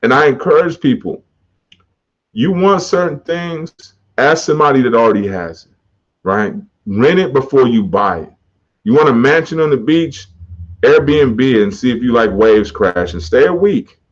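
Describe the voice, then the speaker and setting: A man's voice: medium pitch, lively intonation, normal speed. A man hosting his own podcast, talking casually and motivationally in slang, often laughing. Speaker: podcast host. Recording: dull muffled podcast audio.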